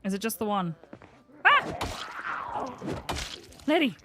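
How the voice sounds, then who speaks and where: A woman's voice: fairly low pitch, expressive, moderate pace, heavy background noise. Chatty woman streamer. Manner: chatty, talks to her game character, swears casually. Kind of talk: gameplay commentary.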